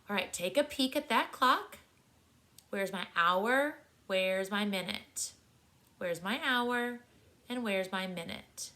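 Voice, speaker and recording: A woman's voice: medium pitch, pushed and bright. A woman teaching young children to read clocks, with encouraging, sing-song questions. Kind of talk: classroom lesson to young students.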